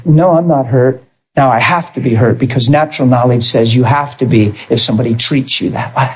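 A man preaching a sermon as pastor, animated, moving between soft asides and high, straining peaks. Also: slightly rough, poor audio.

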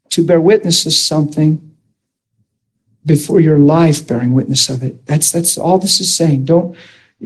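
A man's voice: high-pitched, a little mellow. A man preaching to a class in a sermon-style talk, emphatic and often asking the listeners if they follow him. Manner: emphatic, with rhetorical questions to the listeners.

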